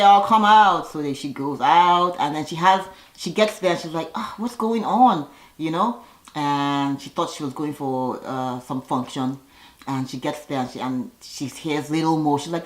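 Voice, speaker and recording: Low-voiced woman, chatty and sassy, recapping TV in a roomy, echoey space. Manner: chatty and sassy, quick asides. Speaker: reality TV recap vlogger. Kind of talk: casual recap commentary.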